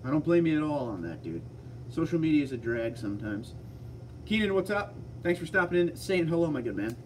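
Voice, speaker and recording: A man hosting a casual livestream, answering viewer comments in a relaxed, chatty way. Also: a little high, fairly quick, distant mic, slight background noise. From Pennsylvania. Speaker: livestream host reading chat. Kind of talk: casual live chat.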